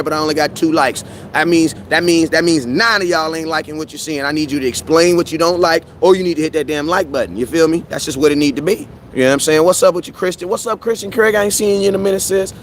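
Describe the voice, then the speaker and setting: A young man hosting a live fan show, talking sports in a slangy, animated, preaching way with lots of repetition. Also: fairly high pitch, a little hiss or hum. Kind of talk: casual live-stream sports talk.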